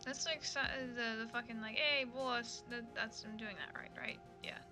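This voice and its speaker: A woman's voice: on the high side, moderate pace, over music. A woman voicing a game playthrough, commenting casually, joking, swearing and laughing. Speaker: let's play gamer voicing the characters.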